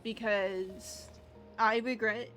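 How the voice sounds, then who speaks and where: A woman's voice: a little high, fairly even intonation, drawn-out words, a bit bright, soft background music. A young woman livestreamer talking candidly in casual chat, rambling with frequent restarts.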